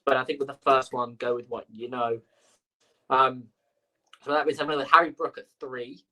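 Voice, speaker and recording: A man's voice: medium pitch, little pitch movement, brisk, pushed and bright, rough recording. A man hosting a sports podcast, thinking aloud with lots of fillers in casual chat. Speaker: podcast host.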